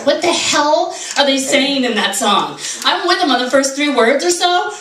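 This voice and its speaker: Woman, 40s, stand-up comedian, brash, swearing, high voice, far-off camera sound. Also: expressive, normal speed, a bit bright. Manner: brash, swearing, mock-outraged rants. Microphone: handheld camera from the audience. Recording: roomy club sound from a distant camera. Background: audience laughter.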